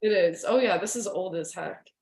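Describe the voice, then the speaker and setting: Excitable woman storyteller in an echoey room. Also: lowish voice, moderate pace, a little hiss or hum. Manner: excited storytelling, heavy use of "like". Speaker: podcast guest. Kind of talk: casual podcast conversation.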